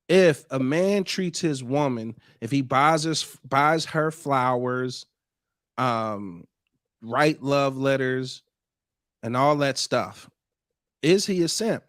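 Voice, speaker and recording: A man hosting a podcast, talking in an animated, emphatic way and repeating points for effect. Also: medium pitch, dry recording, clean studio sound. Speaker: podcast host. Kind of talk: podcast commentary.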